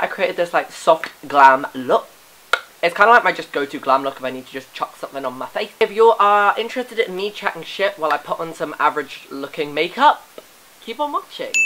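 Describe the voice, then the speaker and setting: A man's voice: high-pitched, bright, forceful tone, a little hiss or hum. Young guy doing his makeup in his bedroom, chatty and sarcastic, always taking the mick out of himself. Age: young adult. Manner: chatty, sarcastic, self-mocking. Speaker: beauty YouTuber. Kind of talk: casual makeup chat. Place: home bedroom.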